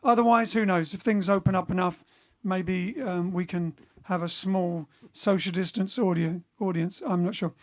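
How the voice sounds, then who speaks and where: A man's voice: high voice, steady tone, moderate pace, few pauses. A man hosting a lockdown livestream for his band, chatting casually and reading out viewer comments, rambling with lots of fillers and restarts. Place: home during lockdown.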